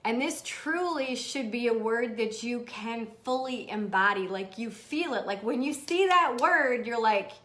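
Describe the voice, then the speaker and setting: A woman hosting a live motivational stream in a bubbly, animated manner, laughing often and swearing casually. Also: fairly high pitch, a little slow, few pauses. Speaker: host. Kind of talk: livestream motivational talk.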